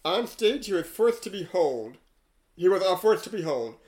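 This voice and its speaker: A man co-hosting a casual podcast, reading a rhyming poem aloud in a dry, deadpan way. His voice sits a little high for a man, and he breaks off now and then for wry asides. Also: moderate pace, rough recording. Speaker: podcast co-host.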